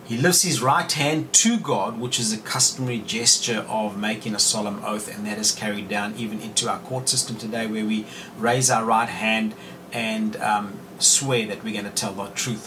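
A man hosting a podcast, reading Bible verses aloud and explaining them in a measured way. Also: mid-range voice, recorded from a distance, background noise. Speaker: podcast host teaching scripture.

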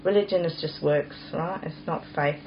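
A woman's voice: deep voice, fairly even intonation, normal speed. A woman co-hosting a casual Bible discussion, reading scripture aloud with emphatic punch and laughing often. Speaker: Christian podcast co-host. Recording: dull lo-fi sound with faint hiss.

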